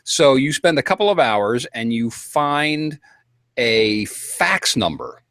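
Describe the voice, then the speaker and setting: A man telling a long story to a panel in a casual, animated way, acting out quotes and getting worked up. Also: mid-range voice, slow pace, dry recording.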